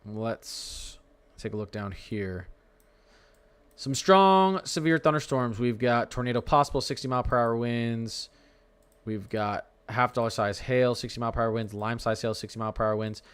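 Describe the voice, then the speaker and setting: A man's voice: mid-range voice, normal speed, a bit bright, smooth. A young man hosting a live weather stream, talking through radar warnings in a chatty, rambling way and stumbling over place names.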